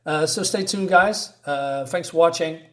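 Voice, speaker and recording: A man gives a casual comic book review, searching for words with frequent hesitations. His voice is mid-high for a man. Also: unhurried. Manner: hesitant, many fillers and restarts.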